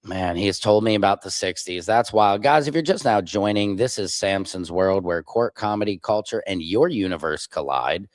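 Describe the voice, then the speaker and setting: Male stream host, low voice, blunt opinionated reaction commentary, dry mic. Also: lively intonation, moderate pace, few pauses, dry recording.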